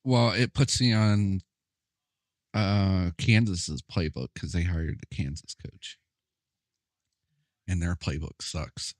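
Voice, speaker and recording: A man's voice: low voice, fairly even intonation, slow, pauses often, no room sound, studio quality. A young man chatting casually while playing a football video game, laid-back, profane and often laughing. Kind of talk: casual gameplay chat.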